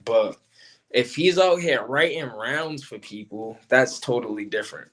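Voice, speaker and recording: Slangy, animated man talking battle rap. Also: mid-range voice, a little slow. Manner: animated, slangy, repeats himself. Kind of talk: casual commentary monologue.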